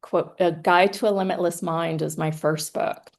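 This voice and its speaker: A woman's voice: fairly low pitch, steady tone, moderate pace. A woman speaker, a hypnotherapist and author, giving a casual online talk in a chatty, self-amused way. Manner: chatty and self-amused, laughing between thoughts. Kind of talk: casual online presentation and chat.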